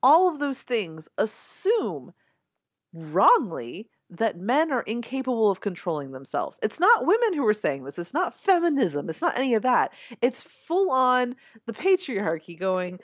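A woman co-hosting a podcast, talking in an animated, opinionated way. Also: on the high side, a little slow, dry recording, studio quality. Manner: animated and opinionated, laughs often. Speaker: podcast co-host. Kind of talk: casual podcast chat.

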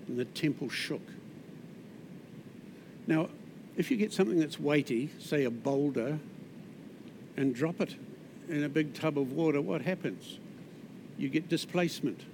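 A man with a New Zealand accent preaching a sermon in a conversational way, with asides and restarts, often dropping soft on key words. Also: a little high, a little slow, pauses often, noisy background.

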